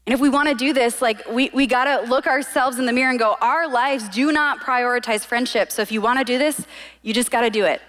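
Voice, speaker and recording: Chatty young woman preaching in a hall. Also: fairly high pitch. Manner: conversational and animated, with quick asides. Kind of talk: sermon.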